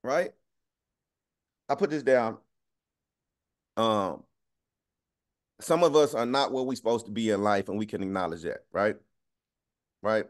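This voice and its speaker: A young man preaching a relaxed, slangy sermon, often laughing and checking in with his listeners. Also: on the low side, measured pace, pauses often. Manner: conversational, keeps asking "right?". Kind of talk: casual street-talk sermon.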